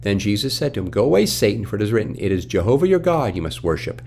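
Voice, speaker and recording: A man's voice: on the low side, big pitch swings, fast, creaky, darkish tone, slight background noise. A man teaching from the Bible, reading scripture aloud and then explaining it with emphatic questions. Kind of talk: Bible study commentary.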